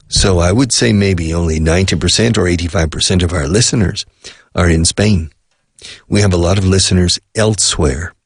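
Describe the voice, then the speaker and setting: An older man hosting a radio English lesson, talking slowly and patiently repeating phrases. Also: low voice, slightly rough, dry recording, studio quality. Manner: slow, repetitive, explains and repeats phrases patiently. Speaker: radio host and English teacher.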